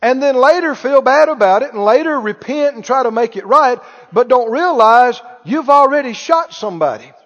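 A man with a strikingly high voice preaches to his church, talking plainly and tossing questions to the congregation. The sound is muffled and dull, and it trails off into a long hall reverb. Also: expressive, moderate pace, hardly any pauses. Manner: conversational preaching, quizzes the congregation. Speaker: pastor. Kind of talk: sermon.

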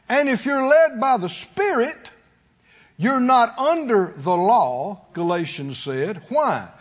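A man preaching a sermon to a congregation in a call-and-response style, sometimes rising to shouts. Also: very high-pitched, animated, slow, highs cut off. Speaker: pastor.

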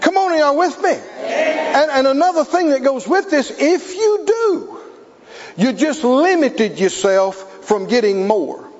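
A man preaching a sermon, telling a story and growing emphatic, close to shouting at times. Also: very high voice, expressive, unhurried, hardly any pauses, some chatter behind. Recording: dull, reverberant hall.

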